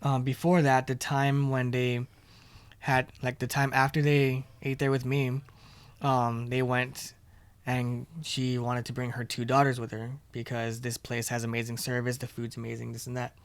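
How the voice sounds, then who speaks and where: Guy rambling through a work story on a podcast, mid-pitch voice, dead dry sound. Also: monotone, normal speed, clear, resonant tone, no room sound. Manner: rambling storyteller, retells scenes with quoted dialogue. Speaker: podcast co-host. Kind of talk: casual chat.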